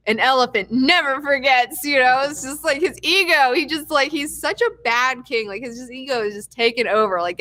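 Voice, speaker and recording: Bright-voiced excitable young woman recapping. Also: mid-range voice. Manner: profane, excitable, acts out characters' lines. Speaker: TV recap host. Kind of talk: casual episode recap.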